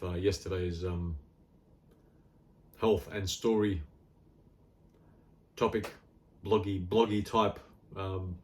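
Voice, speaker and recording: This health vlogger is a middle-aged man with an Australian accent whose lowish voice carries a warm tone. He talks in a casual, meandering monologue that's blunt, wry and full of fillers.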